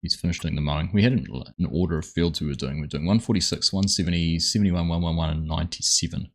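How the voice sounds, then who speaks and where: Deep-voiced man hosting a live game stream. He chats loosely with his audience, greeting viewers one by one with upbeat friendliness while he plays. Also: quick pace, poor audio. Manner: chatty, greets viewers by name. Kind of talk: live gameplay commentary.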